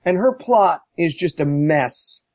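A man casually recapping a movie on a podcast, animated and profane, mocking as he tells it. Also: a little high, slow, no echo. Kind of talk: casual chat.

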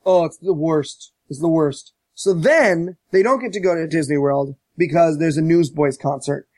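A man's voice: on the high side, moderate pace, dry recording. A man ranting sarcastically and profanely about a movie in a casual podcast chat, acting out quotes. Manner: sarcastic, profane, mocks quotes with shouted voices.

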